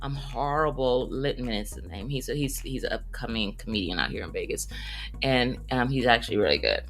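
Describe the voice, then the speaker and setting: A woman comedian telling funny stories in a casual monologue, animated and breaking into high squeaky voices when she quotes people. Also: brisk, soft background music. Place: Las Vegas.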